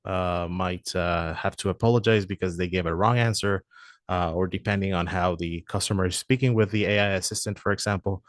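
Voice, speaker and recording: A man with a fairly low voice walks through software features in a halting way, stopping often on "uh" between phrases. The sound is dry and close, with little room in it. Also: fairly even intonation, no echo. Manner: hesitant, many "uh" fillers. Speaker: product presenter.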